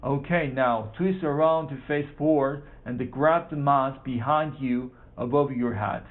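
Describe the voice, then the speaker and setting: A man voicing an eager middle-aged boat skipper, reading his lines haltingly with excited shouts. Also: medium pitch, natural voice. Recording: tinny phone-like sound.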